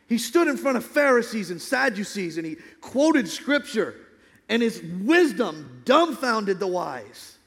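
Pastor guy preaching, kinda high voice, gets real quiet on the big lines, church echo. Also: sing-song, unhurried. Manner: emphatic, drops to a hushed low voice for dramatic lines. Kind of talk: sermon. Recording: long hall reverb.

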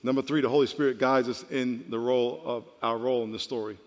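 A man in his fifties, a pastor preaching a sermon with animated storytelling that swings from quiet to loud. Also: medium pitch, fast. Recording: long reverb of a large hall.

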